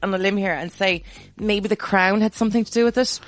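A woman's voice: mid-range voice, fairly even intonation, a little fast, no echo. A woman co-hosting a radio show, reading out news items with a playful, teasing delivery. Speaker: radio co-host. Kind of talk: casual radio banter.

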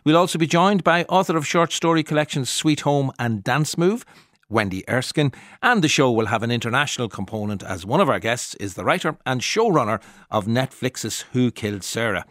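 A man hosting a radio arts show, presenting in a relaxed, conversational way. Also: medium pitch, brisk, dry recording, studio quality. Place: radio studio.

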